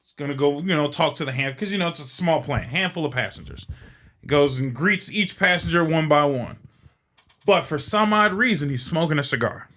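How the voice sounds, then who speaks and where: Male podcast host, bright voice, rambling and profane joke-teller. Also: fairly high pitch, lively intonation, brisk. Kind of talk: casual storytelling.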